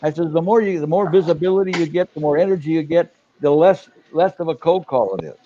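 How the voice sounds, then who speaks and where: An older man speaks in a mellow, fairly high voice, rambling and hunting for words as he gives business advice. The audio is dull and lo-fi, like a live stream. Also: animated, fast talker. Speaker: business coach, co-host. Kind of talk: casual live chat.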